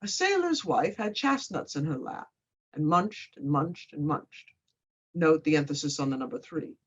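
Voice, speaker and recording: A woman's voice: lowish voice, sing-song, unhurried, breathy edge. A woman professor giving a pre-show lecture, with dry, wry asides. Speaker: literature professor. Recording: slightly muffled lo-fi recording.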